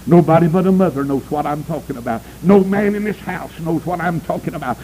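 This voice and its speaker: A man's voice: quick pace, few pauses, mellow, a little hiss or hum, rough recording. A male preacher, delivering a fiery sermon and calling out to the congregation for amens. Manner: emphatic, swooping pitch, calls for amens.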